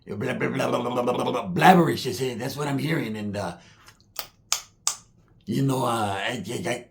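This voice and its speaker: A man's voice: medium pitch, moderate pace. A man from Southern California with a Chicano English accent, rambling through a comedic monologue full of "I say" asides and Spanish slang.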